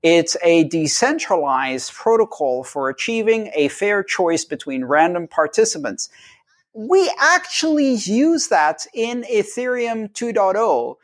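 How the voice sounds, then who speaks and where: At a measured pace and in a high-pitched voice, a man being interviewed as a guest breaks ideas down simply. He stays animated, briefly putting on the voices of those he quotes.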